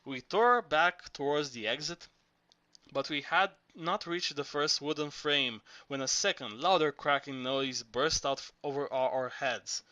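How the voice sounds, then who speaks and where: A man reading novel narration aloud, steady with small restarts. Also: a little high, a little slow, no room sound. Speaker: audiobook reader.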